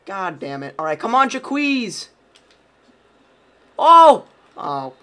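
Guy cussing at his football game, voice all over the place, slow talker. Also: sits high, sing-song, clear, resonant tone. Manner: profane, reacting loudly to gameplay. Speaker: gaming YouTuber. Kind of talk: let's-play game commentary. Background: music playing.

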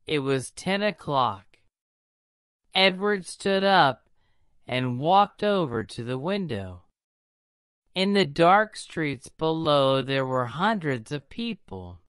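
A woman narrating a graded-reader story in a slow, deliberate, careful reading manner. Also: low voice, sing-song, smooth, no room sound, clean studio sound.

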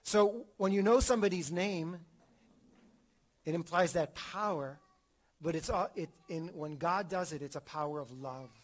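Brief: male catechism teacher, slightly higher voice, animated, acts out quotes, frequent restarts. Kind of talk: theology class lecture.

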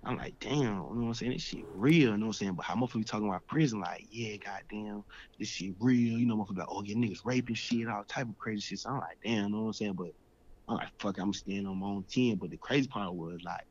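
A man's voice: on the low side, fast talker, a little mellow, breathy edge. A young man in his twenties, a guest in an interview, telling his story in slangy, streetwise casual talk. The recording sounds dull and lo-fi.

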